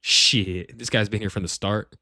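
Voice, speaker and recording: A man's voice: lowish voice, steady tone, unhurried, pushed and bright, dry recording, studio quality. A man ranking members of his gaming group in casual, rambling commentary, full of slang and swearing. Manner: profane, rambling, slangy banter. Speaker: gaming clan leader. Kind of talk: casual tier-list commentary. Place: at home, shared with family.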